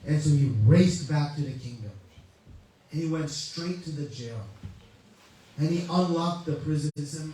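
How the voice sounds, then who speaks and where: A man's voice: on the high side, normal speed, long pauses, warm tone, a little hiss or hum. A man, a spiritual teacher, giving a conversational sermon with a story. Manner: conversational, uses many "you know" asides. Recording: echoey hall, mic far off, faint ambience.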